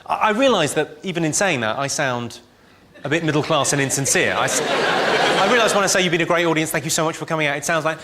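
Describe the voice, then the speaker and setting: A man doing stand-up comedy, firing off deadpan one-liners in a clipped, slightly high voice. He is recorded live in a big venue, with roaring audience laughter and heavy noise all around him. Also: quick pace. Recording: live show with loud crowd laughter and noise.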